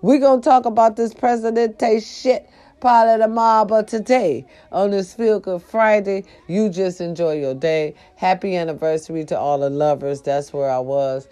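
An older grandmother in a casual vlog, giving animated, profane advice to her viewers and calling them y'all. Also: medium pitch, moderate pace. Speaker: vlogger. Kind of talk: casual straight-to-camera talk.

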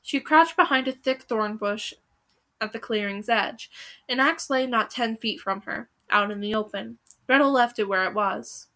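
A woman's voice: on the high side, moderate pace, pushed and bright. A woman reading a storybook aloud with dramatic, suspenseful pacing.

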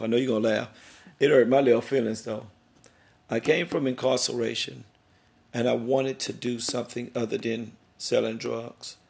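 A man's voice: medium pitch, vocal fry, a little mellow. A middle-aged man hosting a podcast interview, talking in an emphatic, preachy, rambling way about worth and family. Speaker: podcast host.

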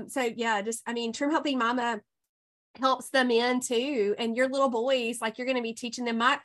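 A woman hosting a casual podcast chat, effusive and quick to laugh. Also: fairly high pitch. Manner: warm, effusive, laughs often. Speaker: podcast host and health coach.

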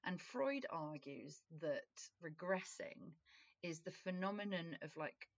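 Podcast co-host: twenties woman from Wales, chatty, laughs a lot, lowish voice, dry close recording. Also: expressive, slow, dry recording. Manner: chatty, laughs often, swears casually. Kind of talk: casual podcast chat.

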